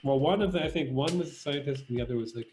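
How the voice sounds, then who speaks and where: A man's voice: mid-range voice, very fast, darkish tone, a little hiss or hum. A man in casual conversation who eagerly shares what he knows. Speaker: co-host. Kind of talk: casual conversation over video call. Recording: roomy video call audio with music.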